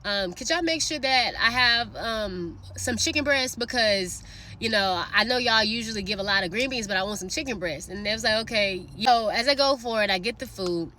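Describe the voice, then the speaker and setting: A woman's voice: on the high side, moderate pace, pushed and bright, a little hiss or hum. A woman casually telling a personal faith story and encouraging her listeners, chatty, with many fillers, calling out to them directly. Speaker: faith vlogger sharing a prophetic word.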